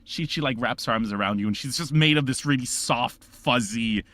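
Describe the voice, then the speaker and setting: A man narrating a tabletop game as game master, rambling and halting with many restarts. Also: medium pitch, fairly bright tone, no echo.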